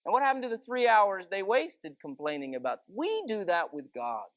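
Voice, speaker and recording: A man's voice: high-pitched, sing-song, normal speed, dry recording. A man giving a chatty, conversational sermon full of stories and asides. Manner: folksy, chatty, many asides of "you know". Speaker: preacher.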